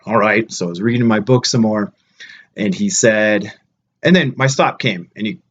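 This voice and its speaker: A man's voice: on the low side, moderate pace, fairly bright tone, highs cut off. Blunt, ranting man vlogging. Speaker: travel vlogger. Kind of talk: casual vlog chat to camera.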